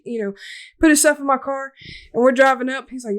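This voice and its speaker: High-voiced young woman telling a wild story. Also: fast talker. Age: young adult. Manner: animated, laughing, swearing, acting out voices. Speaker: podcast host. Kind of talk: casual storytelling chat.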